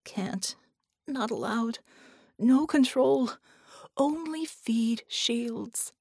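A woman voicing an enslaved, dying alien ship creature that speaks in halting broken fragments. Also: on the high side, gravelly, a little mellow, breathy edge, no echo, studio quality, voice pushed up, full character voice. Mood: desperate.

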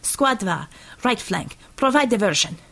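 A woman's voice: medium pitch, animated, unhurried, creaky, pushed and bright, full character voice. A woman voicing a fierce, curt hero leader. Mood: commanding. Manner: clipped, commanding orders. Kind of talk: audiobook character voice.

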